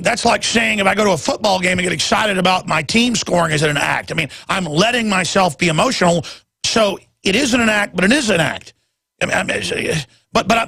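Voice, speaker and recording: A man's voice: sits high, creaky, sharp tone, husky, dry recording. A man in his forties hosting a talk radio show, speaking intensely and emphatically and stumbling over repeated words when worked up. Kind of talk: impassioned talk radio monologue.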